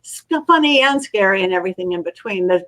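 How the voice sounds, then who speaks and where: A woman's voice: medium pitch, quick pace, rough recording. A middle-aged woman, a guest psychic medium, telling stories in a casual interview and acting out the voices of the people in them. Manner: animated storyteller, acts out quoted voices.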